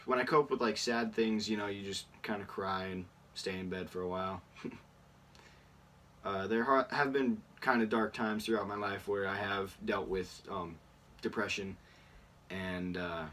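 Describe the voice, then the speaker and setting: A man's voice: lowish voice, steady tone, measured pace, fairly bright tone, distant mic, slight background noise. Rambling teenage boy, a little off-mic. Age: teens. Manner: rambling, many fillers, laughs at himself. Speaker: YouTuber. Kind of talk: casual Q&A vlog.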